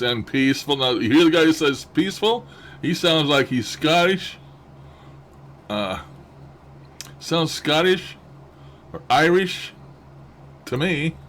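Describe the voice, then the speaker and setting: Guy rambling over some audio clips, chatty and chuckly, mid-pitched voice, faint hiss behind. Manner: chatty, musing, chuckles to himself. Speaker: host reviewing spirit-box recordings. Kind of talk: casual commentary over playback.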